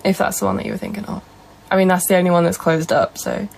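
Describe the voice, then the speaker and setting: A woman's voice: fairly low pitch, steady tone, fast, vocal fry, darkish tone, low-quality recording. A young woman with a Northern English accent, casually chatting on a live stream and answering viewer comments. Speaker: livestreamer.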